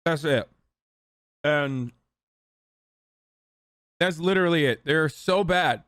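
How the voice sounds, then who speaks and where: Excitable, swearing man streamer. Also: on the high side, slow pace, clean tone, no room sound, studio quality. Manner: excitable, profane, joking. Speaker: streamer host. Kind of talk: casual reaction commentary.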